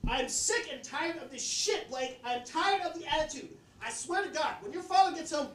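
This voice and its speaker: A man's voice: extremely high pitch, lively intonation, moderate pace, a bit bright, pitched above the performer's own voice. A man impersonating his angry middle-aged mother, who scolds fiercely and then turns polite on the phone. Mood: scolding.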